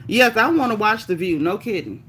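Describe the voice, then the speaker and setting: A woman hosting a casual livestream, reading viewer comments aloud in a chatty, animated, folksy way. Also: mid-range voice, brisk, a little hiss or hum. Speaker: livestream host reading chat. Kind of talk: casual live chat.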